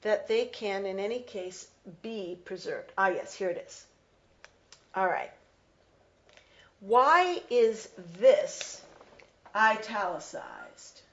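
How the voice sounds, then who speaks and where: A woman teacher reading a text aloud and explaining it slowly, pausing to reread phrases for emphasis. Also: mid-range voice, animated, fairly bright tone, rough recording. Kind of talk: slow close-reading lesson.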